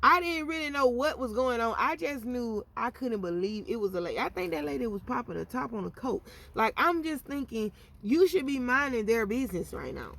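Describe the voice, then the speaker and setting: A woman telling a story in a casual storytime vlog, animated and slangy. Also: a little high, fairly quick, vocal fry, few pauses. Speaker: vlogger.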